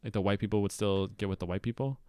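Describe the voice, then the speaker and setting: A man's voice: on the low side, fast talker, warm tone, smooth, no room sound. Young man, pushy chat host, talks over his friend, clean dry mic. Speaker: podcast co-host. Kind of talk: casual chat.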